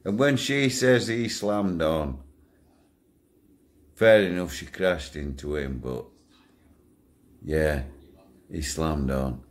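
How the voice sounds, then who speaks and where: A man's voice: a bass voice, takes it slowly, long pauses. An older man, talking bluntly to his channel's viewers, swearing freely and chuckling through his stories. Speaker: channel owner. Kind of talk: casual rambling monologue to viewers.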